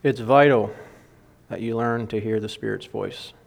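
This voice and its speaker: A man's voice: lowish voice, moderate pace, creaky. A man speaking earnestly and casually to his listeners, with some fillers. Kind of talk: casual direct address.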